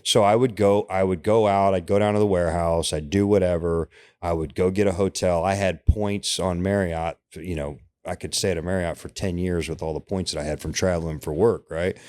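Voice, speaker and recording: Deep-voiced man telling a candid story. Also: fairly even intonation, a little fast, a little mellow. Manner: candid, emotional storytelling with frequent "right?" and "you know". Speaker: podcast guest. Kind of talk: personal storytelling in casual interview.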